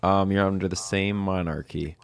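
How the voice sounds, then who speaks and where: A man's voice: low-pitched, fairly even intonation, moderate pace, gravelly, clean tone, no room sound. An American man hosting a podcast over a video call, chatting loosely and laughing often. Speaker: podcast host. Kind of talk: casual chat. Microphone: remote video call.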